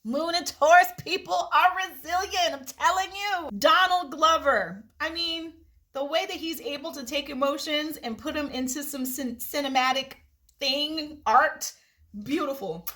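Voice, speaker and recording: High bright-voiced woman, joking around while teaching astrology, laughs a lot. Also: measured pace. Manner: animated, joking, laughs often. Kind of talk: casual teaching with storytelling.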